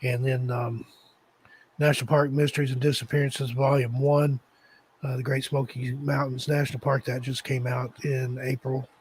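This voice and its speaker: A man, a guest author, talking casually in an easygoing way with frequent pauses. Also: medium pitch, level tone, a little mellow, husky, poor audio. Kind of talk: casual interview talk.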